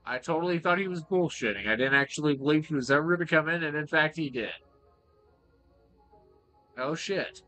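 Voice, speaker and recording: Jokey guy yelling through a game playthrough, kinda high voice, swears a lot. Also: brisk, pauses often, soft background music. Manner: excitable, joking, swears freely. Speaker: gaming video creator. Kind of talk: playthrough commentary.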